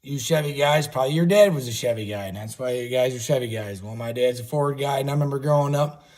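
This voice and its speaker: A man's voice: mid-range voice, quick pace, a little mellow. A man hosting a casual livestream, talking in a rambling, folksy way and swearing offhandedly. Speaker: livestream host.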